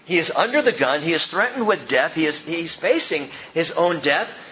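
A man preaching a sermon as pastor, swinging between loud emphatic peaks and quiet low asides. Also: normal speed, muffled recording, a little hiss or hum. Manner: animated preaching, rising and dropping sharply for emphasis.

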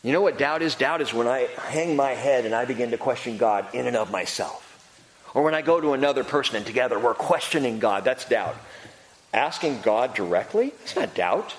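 A man preaching a sermon, swinging between loud emphatic lines and hushed ones. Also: medium pitch, animated, a little fast. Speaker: pastor. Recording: long reverb of a large hall.

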